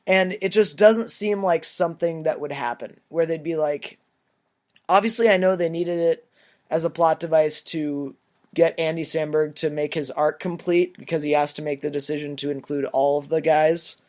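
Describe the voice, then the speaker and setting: A man with a fairly high voice talks through his take on a film. He is loose and rambling, swears easily, and sounds like a relaxed podcast co-host in casual chat. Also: normal speed. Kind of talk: casual movie review chat.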